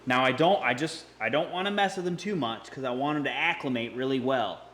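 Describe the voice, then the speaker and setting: An excitable man giving hands-on vlog commentary beside a big fish tank, exclaiming and repeating himself as he talks to his viewers. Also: mid-range voice, a little fast, reverberant, a little hiss or hum. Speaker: fish-keeping vlogger. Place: indoors by a large fish tank. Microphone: camera mic, handheld.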